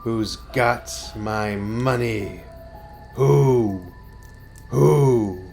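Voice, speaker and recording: A man's voice: medium pitch, vocal fry, a little mellow, soft background music. A man doing a wailing ghost woman. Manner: slow, drawn-out wailing cries. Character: ghost of a dead woman seeking her stolen coins.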